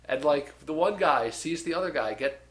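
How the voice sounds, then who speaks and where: Retelling a movie, this young co-host rambles through the casual chat, packing in fillers and acting out scenes. His voice is fairly high and expressive, a bit bright, at a normal speed, and the podcast room echoes.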